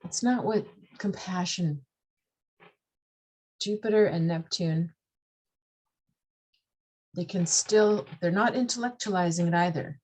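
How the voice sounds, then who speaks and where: A woman's voice: lowish voice, darkish tone. A woman explaining astrology in a casual talk, acting out the voices of the signs and laughing at herself.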